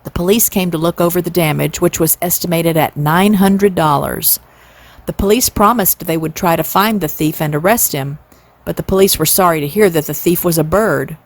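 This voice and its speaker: A woman in her sixties reading a classic children's novel aloud, expressive and playing up the sound words. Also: on the low side, normal speed. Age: 60s. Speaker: storyteller.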